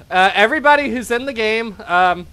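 A man's voice: sits high, bright, forceful tone, clear, resonant tone. A man hosting a live game stream, commenting playfully, laughing often and putting on theatrical farewells. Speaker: streamer and host.

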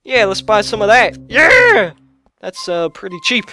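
A young man giving excitable gameplay commentary on his own gaming channel, shouting and yelping at the game between quick chatter. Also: high voice, background noise. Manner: loud, yelps and shouts at the game. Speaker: let's play gamer. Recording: lo-fi restored audio.

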